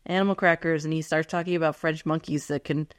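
A woman with a slightly low-pitched voice, casually recapping a TV episode as a podcast co-host. She is chatty and laughs often. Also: fairly even intonation, fast talker, clear, resonant tone.

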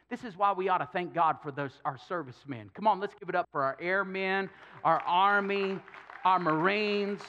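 Lively preaching man, slightly high voice. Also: highs cut off. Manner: storytelling with humor, acting out quotes. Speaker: pastor. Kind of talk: sermon.

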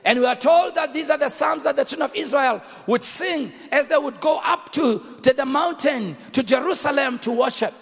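A man preaching a sermon, shouting and half-singing his lines and calling out to the congregation. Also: extremely high pitch, normal speed, vocal fry, hardly any pauses. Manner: shouting, sing-song preaching with call and response. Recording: echoey hall with music behind.

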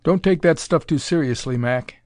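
A man reading the part of a brisk, commanding ship captain who talks bluntly and gives orders. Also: on the high side, a little mellow, no room sound, lightly acted. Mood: jovial. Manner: blunt, demanding.

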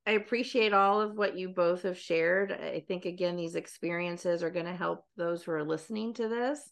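Low, gravelly-voiced woman host. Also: normal speed. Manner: affirming, thoughtful, with frequent "right?" tags. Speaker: podcast host. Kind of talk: reflective interview conversation.

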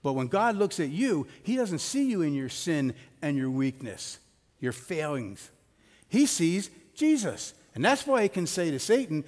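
A man's voice: fairly high pitch, sing-song, a little slow, darkish tone. A middle-aged man preaching a sermon as pastor in a church sanctuary, conversational, with personal stories and light jokes. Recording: long hall reverb of a church.

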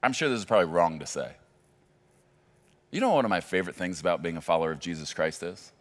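A man's voice: low-pitched, expressive, fast talker. A male pastor preaching a sermon with emphatic delivery and joking asides.

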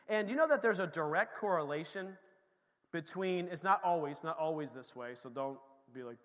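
A man preaching a sermon in a lively, conversational way, moving between quiet asides and emphatic points. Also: fairly high pitch, moderate pace. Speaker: pastor. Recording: long hall reverb.

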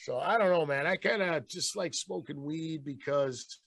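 Middle-aged male co-host, gravelly and a bit high, laid-back teaser, faint music behind him. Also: a bit bright. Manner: laid-back, teasing, quick reactions. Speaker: podcast co-host. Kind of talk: casual chat.

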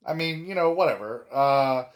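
A man co-hosting a casual wrestling podcast, talking animatedly with emphatic, drawn-out words and frequent restarts. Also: medium pitch, expressive. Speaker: podcast co-host.

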